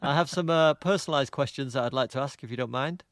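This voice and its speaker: A man's voice: mid-range voice, fast, dry recording. A man leading a film podcast, putting cheeky questions to the panel in a dry, mock-formal way. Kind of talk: casual film chat.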